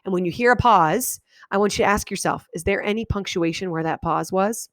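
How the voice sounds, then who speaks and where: A woman teacher giving a video lesson to her students, talking animatedly and reading example sentences aloud with big exaggerated pauses. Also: medium pitch, no echo, studio quality. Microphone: webcam microphone.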